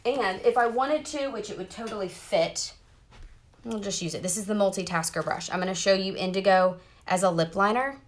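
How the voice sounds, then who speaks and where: A woman's voice: mid-range voice, normal speed. Bubbly woman chatting through makeup. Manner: chatty, bubbly, talks straight to viewers. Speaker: makeup seller doing a live demo. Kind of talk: casual live-stream makeup tutorial. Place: parked car.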